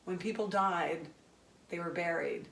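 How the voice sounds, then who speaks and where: A woman hosting an interview, speaking gently and reflectively. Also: on the low side, measured pace, gravelly. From Canada. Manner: gentle, reflective, soft-spoken. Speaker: host. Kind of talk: interview conversation. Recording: echoey room from far off, faint noise.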